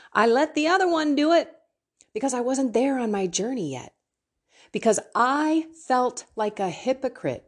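A woman's voice: medium pitch, a little mellow, breathy edge. A middle-aged woman hosting a faith podcast, teaching her listeners in a candid, emotional way and laughing often.

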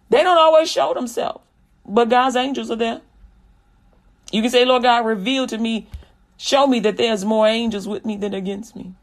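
A middle-aged woman, a comedian, giving a lively testimony-style talk about her faith, acting out dialogue and repeating lines for emphasis. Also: on the high side. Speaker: comedian and Christian speaker. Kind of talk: testimony-style preaching with comic storytelling.

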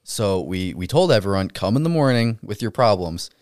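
A man's voice: on the low side, sing-song, normal speed, a little mellow, no room sound, clean studio sound. A young man chatting casually as a guest, laughing often and mimicking people in exasperated quoted voices. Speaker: guest recalling military clinic work abroad. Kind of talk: casual chat.

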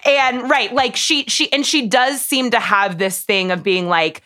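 Bright-voiced young woman, chatty podcaster. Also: a little high, a little slow, few pauses. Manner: chatty, effusive, many "like" fillers. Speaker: podcast co-host. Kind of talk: casual chat.

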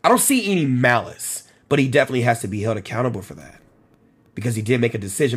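A man talks through a live stream, reading viewer comments aloud and answering them one by one. His voice is husky and his pitch moves a lot as he makes his points. He keeps circling back to the same phrase to press it home. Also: expressive, fast talker. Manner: conversational, repeats phrases for emphasis, addresses commenters by name. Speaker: host of a policing talk show.

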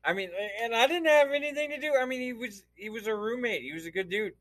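A man's voice: very high-pitched, fast, fairly bright tone. A man telling crude, laughing stories in casual chat, often swearing and acting out what other people said. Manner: profane, laughing storytelling; acts out quoted voices.

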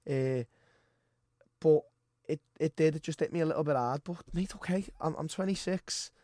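A man's voice: a little high, normal speed, no room sound. A man, chatting as a podcast guest, blunt and sweary, telling stories with lots of energy. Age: 20s. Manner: swears often, blunt and animated storytelling. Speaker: guest fighter. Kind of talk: casual podcast chat.

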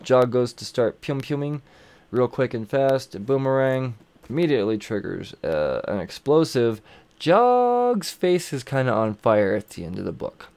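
A comic book reviewer with a medium-pitched, slightly mellow, clean-toned voice speaks at a measured pace but is very animated. He casually recaps comic books, rambling and swearing freely. His talk is packed with fillers and restarts.

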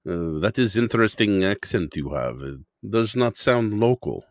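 A man voicing a proud Russian father who speaks careful, halting English with a Russian accent. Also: fairly low pitch, lively intonation, close to an everyday voice. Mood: curious. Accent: put-on Russian. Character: proud Russian father searching for his son.

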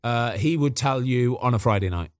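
A man's voice: medium pitch, normal speed, no echo, clean studio sound. A man in casual podcast chat, telling stories about football and acting out what people said. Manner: chatty storyteller, acts out quotes. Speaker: former footballer guest.

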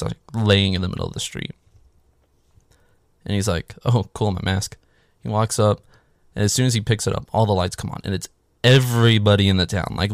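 A man's voice: lowish voice, vocal fry, dry recording, studio quality. A man giving a casual, sarcastic, profane recap of a film, rambling with lots of filler words. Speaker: movie recap host.

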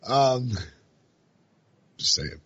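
A man with a low, gruff voice hosting a casual sports chat, joking and laughing. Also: animated, extremely slow, fairly bright tone, no room sound, dull audio. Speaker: podcast host.

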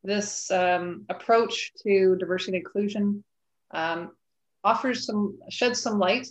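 A woman's voice: mid-range voice, measured pace. A woman author speaking as a guest in a casual interview, earnest and thoughtful, with frequent fillers.

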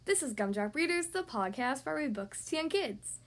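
A woman hosting a podcast for young kids, reading a storybook aloud in a bright animated way. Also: high voice, moderate pace.

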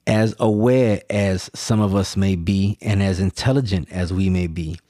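Slow, low-voiced man musing aloud. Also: dark tone, no echo, clean studio sound. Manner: earnest, emphatic, repeats words and restarts, addresses listeners directly. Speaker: podcast host. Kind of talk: solo reflective monologue.

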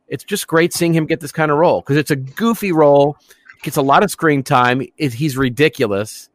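A man's voice: fairly high pitch, fairly quick, no echo. Chatty man on a movie podcast. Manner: enthusiastic, rambling, laughs often. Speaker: podcast co-host. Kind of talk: casual movie podcast chat.

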